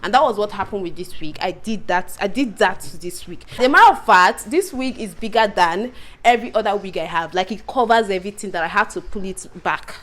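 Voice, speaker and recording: A young woman chatting to camera in a casual home vlog, animated and exasperated, repeating herself and laughing often. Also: mid-range voice, fairly quick. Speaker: vlogger.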